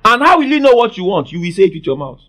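A man delivers a sermon in a high, lively voice. He leans on call-and-response and swings from soft to loud. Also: racing. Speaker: pastor. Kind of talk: preaching a sermon.

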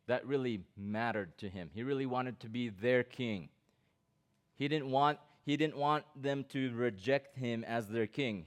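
Man preaching at a youth camp. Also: mid-range voice. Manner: reads scripture aloud and breaks in with comments; asks the listeners direct questions. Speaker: pastor.

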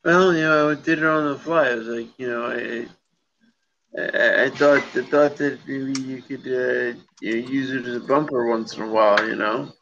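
A man's voice: mid-range voice, fairly even intonation, moderate pace, a bit bright. A man chatting casually and jokily over a call, rambling with playful sing-song asides. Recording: lo-fi call audio with faint noise.

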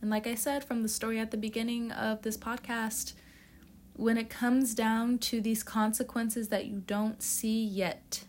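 A woman's voice: a little high, little pitch movement, measured pace, a little mellow. Blunt, youthful-sounding woman tarot reader. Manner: blunt, profane, tough-love. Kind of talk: casual spoken tarot reading.

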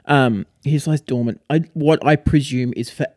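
A young man chats casually on a podcast, spinning an animated story packed with "like". His voice sits at an ordinary middle pitch, recorded close and dry. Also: moderate pace, no room sound. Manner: animated storytelling with frequent "like" fillers. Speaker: podcast co-host. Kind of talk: casual chat.

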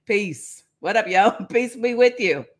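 A woman voicing a calm, gentle risen Jesus who speaks softly and slowly. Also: medium pitch, voice pushed down. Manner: soft, slow, soothing.

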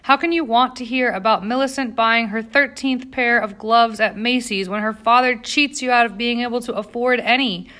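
A woman's voice: mid-range voice, a little fast, close to an everyday voice. A woman voicing a fiery, indignant young female factory worker who speaks in a heated, accusing way.

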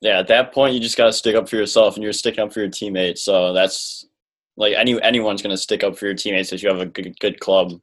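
A man's voice: on the low side, fairly even intonation, fast talker, a bit bright. A man hosting a podcast, chiming in with short, agreeable replies in a casual interview. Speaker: podcast host.

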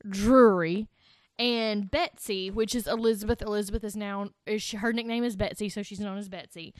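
A woman's voice: mid-range voice, fairly even intonation, a little fast, no echo. A woman hosting a casual podcast, telling a scary story with swearing and joking asides. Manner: swears freely, jokey asides.

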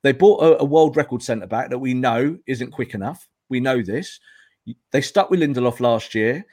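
A man's voice: medium pitch, normal speed, a little mellow, dry recording, studio quality. A man who is a guest pundit on a football podcast, arguing his points emphatically and lecturing the listeners.

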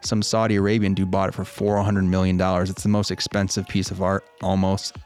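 A man's voice: deep voice, little pitch movement, brisk, darkish tone, clear, resonant tone, faint music behind. A man co-hosting a podcast, telling a long rambling story in casual chat and swearing freely. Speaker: podcast co-host.

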